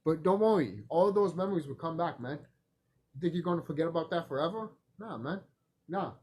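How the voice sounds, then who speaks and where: A man vlogging in a rambling, profane casual monologue, animated and laughing often. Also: a little high, brisk, breathy edge.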